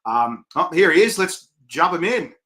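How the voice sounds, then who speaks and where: A man's voice: on the high side, very animated, normal speed, bright, forceful tone, poor audio. A man hosting an online video interview, upbeat and chatty, laughing often. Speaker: host.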